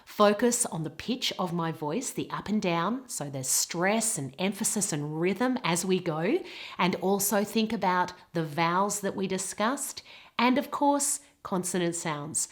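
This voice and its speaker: A woman with a British English accent teaching pronunciation, modelling words slowly and carefully. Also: on the low side, lively intonation. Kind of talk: pronunciation lesson.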